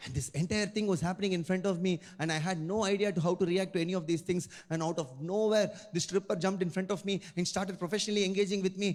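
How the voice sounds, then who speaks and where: A young man with an Indian English accent, performing a stand-up comedy set and acting out dialogue in lively voices. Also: high voice, very fast, hardly any pauses, in a large hall.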